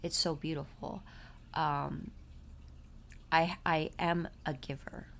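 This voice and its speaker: A woman's voice: deep voice, flat delivery, slow, gravelly, fairly bright tone. A woman talking casually to her viewers, confiding about her family and her faith. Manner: chatty, confessional, talks about faith. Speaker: vlogger and mother. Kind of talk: casual confiding vlog chat.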